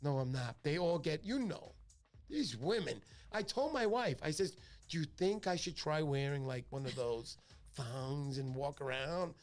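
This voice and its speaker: Joking, rambling New man, lively pitch. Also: measured pace. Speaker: fishing show host. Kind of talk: casual livestream chat.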